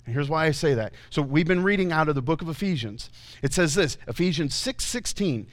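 Animated pastor preaching a sermon. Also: male voice, fairly high pitch, brisk. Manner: conversational, animated storytelling with audience asides. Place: church.

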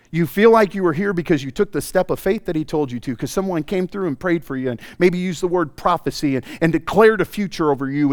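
A man preaching a sermon as a pastor, telling the story in a comic, animated way with playful asides. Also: fairly high pitch, no echo, studio quality. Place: church sanctuary.

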